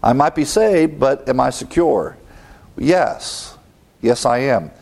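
A man preaching an expository sermon in an earnest teaching tone. His voice sits in a middle pitch, and he quotes scripture and asks his listeners rhetorical questions. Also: expressive, slow, vocal fry, darkish tone.

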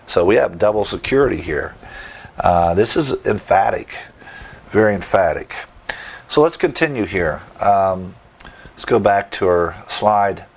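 Emphatic low-voiced male preacher. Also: lively intonation, measured pace, creaky, breathy edge. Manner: teaching verse by verse, emphatic asides. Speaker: pastor. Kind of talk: sermon.

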